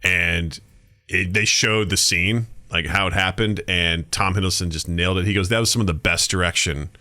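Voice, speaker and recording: A man's voice: low-pitched, moderate pace. A young man co-hosting a podcast in casual chat, telling stories and acting out quotes. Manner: animated storyteller, acts out quotes in raised voices. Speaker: podcast co-host.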